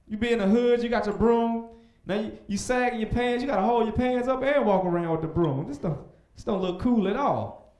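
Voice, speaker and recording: A young man doing a stand-up comedy set on a club stage, animated, breaking into loud shouted voices for punchlines. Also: sits high, moderate pace, pauses often, roomy sound.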